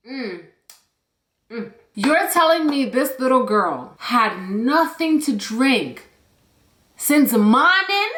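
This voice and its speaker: A young woman vlogger telling a storytime story in an animated, blunt way, swearing freely. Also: high-pitched, a little slow, echoey room. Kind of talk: storytime vlog.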